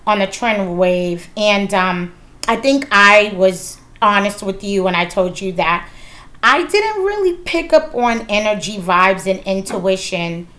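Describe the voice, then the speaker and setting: A woman's voice: medium pitch, lively intonation, unhurried, a bit bright. A woman in her thirties hosting a casual chat, candid and swearing freely, with lots of fillers. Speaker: podcast host.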